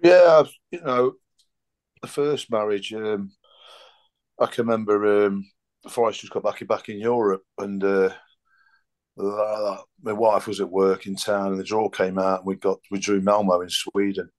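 Deep, flat-voiced middle-aged Englishman. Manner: halting, plain-spoken. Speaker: guest. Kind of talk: casual chat.

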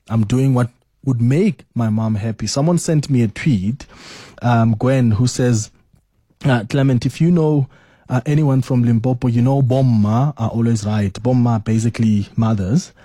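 A man hosting a radio call-in show, relaxed and full of fillers as he invites listeners to call in. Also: mid-range voice, no echo. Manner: easygoing, filler-heavy, inviting callers. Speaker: radio talk show host.

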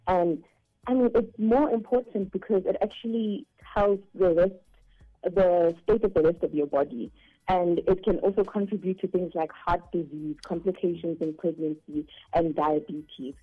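A woman dentist guest on a radio show, explaining calmly and laughing easily. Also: fairly low pitch, moderate pace, husky. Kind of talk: radio interview. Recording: muffled line with faint music.

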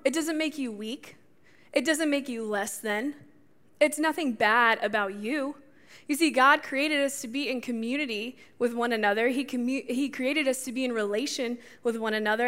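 A woman giving a conversational sermon, animated and talking straight to her audience. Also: sits high. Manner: animated, talks straight to the audience, laughs at her own slips. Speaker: youth speaker.

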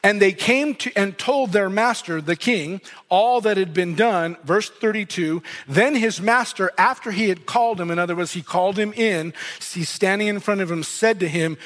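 High-voiced pastor preaching in a reverberant hall. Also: male voice, moderate pace, hardly any pauses, a bit bright. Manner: conversational preaching, reads scripture aloud and comments on it. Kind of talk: sermon. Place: church hall.

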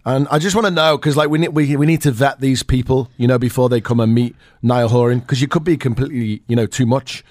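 A man's voice: mid-range voice, quick pace, hardly any pauses, a little mellow, dry recording, studio quality. A man co-hosting a breakfast radio show, joking and upbeat with callers and his co-host. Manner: jokey, upbeat.

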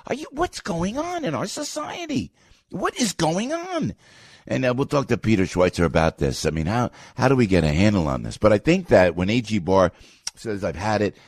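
A talk radio host launches into a fired-up, rambling opinion monologue, swinging between loud outbursts and low asides. His voice has a breathy edge, and the sound is clean studio audio with no room sound.

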